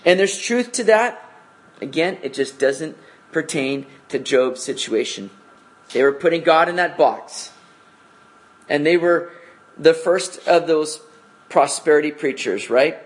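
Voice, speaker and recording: High-voiced man teaching a Bible study. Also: animated, measured pace, pauses often. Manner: casual, explains with rhetorical questions.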